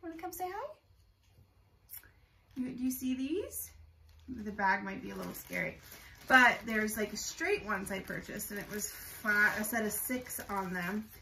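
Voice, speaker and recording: A young woman chatting excitedly in a home vlog, showing bird toys and cooing at her pet bird. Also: measured pace, creaky, far from the mic, background noise. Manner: chatty and excitable, many fillers, high coos to her bird. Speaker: bird vlogger. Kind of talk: casual show-and-tell vlog. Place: room at home. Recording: roomy echo, voice a bit off-mic.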